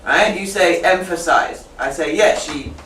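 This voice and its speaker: A woman teacher trainer running a lively classroom demonstration, repeating and correcting students as she goes. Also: on the low side, a little slow. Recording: echoey classroom from far off with faint noise.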